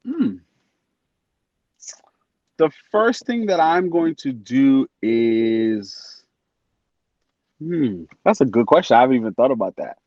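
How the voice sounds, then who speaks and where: A man talking as a podcast guest in an animated, casual way, acting out his friends' voices as he tells stories. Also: mid-range voice, no room sound. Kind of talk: casual chat. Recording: dry, dull lo-fi sound.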